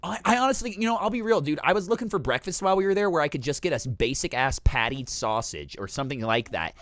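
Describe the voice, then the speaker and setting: A man's voice: fairly high pitch, fast talker, no echo. Guy rambling a story, swears a lot, says dude every other line, dry close sound. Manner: animated, profane, says "dude" constantly. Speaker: host. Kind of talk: casual storytelling chat.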